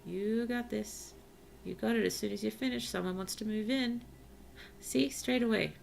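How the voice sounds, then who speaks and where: A woman streamer chatting casually through a cozy game, talking to her villagers and often dropping to soft whispers. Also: medium pitch, moderate pace, vocal fry, slight background noise. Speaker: VTuber streamer. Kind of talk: casual gameplay commentary.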